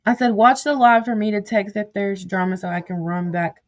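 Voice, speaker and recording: A woman's voice: medium pitch, normal speed. A woman, casually reading text-message screenshots aloud as a commentator, blunt and profane, with sudden outbursts. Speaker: social media drama commentator.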